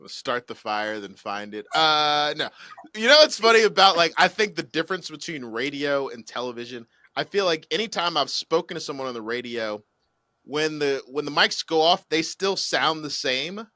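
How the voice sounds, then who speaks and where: A man co-hosting a podcast in a casual chat, joking and animated as he tells stories. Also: a little high, moderate pace, dry recording. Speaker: podcast co-host.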